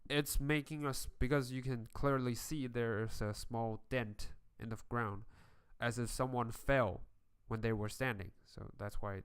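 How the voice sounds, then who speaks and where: A man running a tabletop game as game master, talking in a halting way with many fillers and restarts. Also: medium pitch, steady tone, clean tone.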